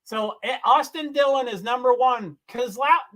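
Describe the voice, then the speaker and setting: A man hosting a livestream, giving rambling, chatty commentary on a car race and swearing when he gets excited. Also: very high voice, normal speed. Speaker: livestream host. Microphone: computer mic on a streaming call.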